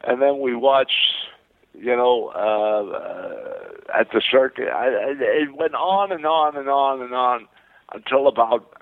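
An older man from Queens, New York, rambling through excited anecdotes as a phone guest. His voice is gravelly and sits in a middle register. The sound is tinny and phone-like, with a dry, close feel. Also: medium pitch, slow pace, dry recording. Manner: rambling, enthusiastic anecdotes with many restarts. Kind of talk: phone interview storytelling. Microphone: telephone.

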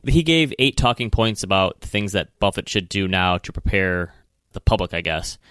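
Midwestern guy co-hosting a money podcast, really low voice, hedges a lot, dry studio sound. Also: normal speed, dry recording. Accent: Midwestern American. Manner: relaxed, hedging with self-corrections. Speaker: podcast co-host. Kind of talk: casual finance chat.

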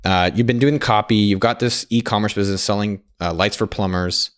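A man's voice: on the low side, fairly even intonation, fairly quick, smooth. A man hosting a casual podcast, asking curious follow-up questions. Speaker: podcast host. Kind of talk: casual interview chat.

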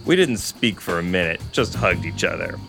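A man's voice: low-pitched, lively intonation, normal speed, creaky, music in the background. Giggly man reading a novel aloud. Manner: giggly, playful, laughs often. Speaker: podcast co-host.

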